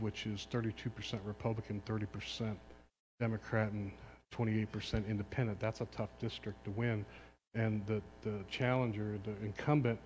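A middle-aged man, a pastor, telling a personal story in a sermon, moving between quiet asides and loud exhortation. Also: on the low side. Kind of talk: sermon testimony. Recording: long hall reverb, faint hum.

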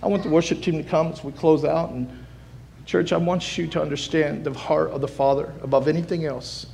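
A man preaching a sermon as pastor, moving from soft pleading to loud shouting and repeating phrases for emphasis. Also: a little high, fairly even intonation, fairly quick, vocal fry, slight background noise. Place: church sanctuary.

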